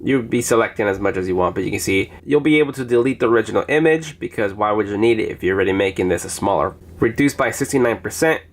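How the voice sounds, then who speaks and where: A man's voice: lowish voice, fast talker, hardly any pauses. Chatty man reviewing phone apps. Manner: chatty, demonstrating on screen. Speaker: app reviewer. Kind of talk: casual app review narration.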